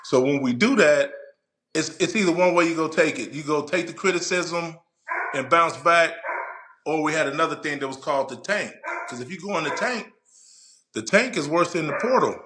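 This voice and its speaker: A man in his forties, a podcast guest and former player and coach, telling stories in a loud, profane, emphatic way. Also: fairly high pitch, moderate pace. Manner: animated, profane, emphatic storyteller. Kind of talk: casual podcast chat.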